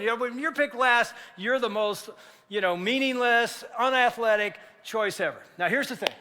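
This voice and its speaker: An older man preaches in a church, telling a story with lively energy and sometimes shouting at its peak. His voice sits high and bright, and it rings out with the long reverb of a large hall. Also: normal speed, a little hiss or hum. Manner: animated, acts out dialogue, rising to shouts at climaxes. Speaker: pastor. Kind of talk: sermon with storytelling. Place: church sanctuary.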